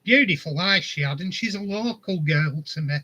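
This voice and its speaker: High-voiced man spinning yarns. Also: lively intonation, moderate pace, pushed and bright, dull audio. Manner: rambling anecdotes, chuckling often. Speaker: vlogger. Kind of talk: casual storytelling.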